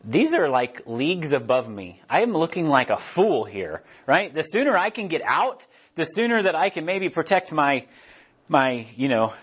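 Husky, higher-voiced male preacher. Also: fairly bright tone. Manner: chatty, self-deprecating, asks the audience questions. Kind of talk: casual conversational sermon. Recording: dull lo-fi recording.

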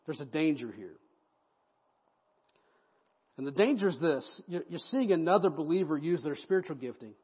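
A male pastor preaching an expository sermon in an animated, conversational style, recorded in a church with an echoey hall and dull lo-fi sound. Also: fairly high pitch, moderate pace, long pauses, husky.

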